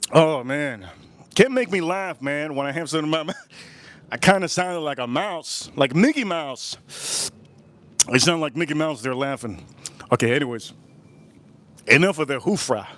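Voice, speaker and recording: A man's voice: a little high, a bit bright, dry recording. A middle-aged man hosting a casual livestream, chatting and acting out both sides of his stories. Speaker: livestream host. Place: outdoors at a backyard grill.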